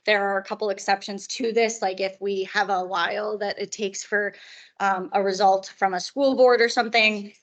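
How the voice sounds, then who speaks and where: A hoarse woman presenting at a conference, explaining in a chatty way with joking asides. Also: mid-range voice, steady tone, moderate pace. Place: conference room.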